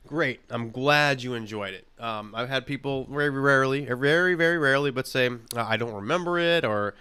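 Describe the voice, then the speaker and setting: Man, clear smooth voice, mid pitch, casual instructive script walkthrough, lots of um and uh. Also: normal speed, pushed and bright. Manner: casual, instructive, reads script lines aloud with many fillers. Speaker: real estate investing trainer. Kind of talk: walking through a call script.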